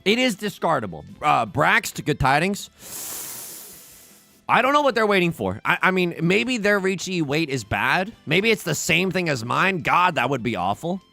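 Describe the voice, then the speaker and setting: A man's voice: fairly high pitch, big pitch swings, normal speed, creaky, pushed and bright, soft background music. A man streaming a tile game, joking and pleading dramatically as he plays. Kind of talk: casual livestream commentary.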